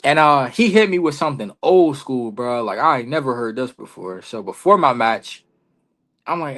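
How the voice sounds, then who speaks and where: Male wrestler guest, mid-pitched, casual storyteller, slang-heavy, animated. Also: moderate pace. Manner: slangy, loose, peppered with "bro" and "you feel me"; animated, acts out both sides of conversations.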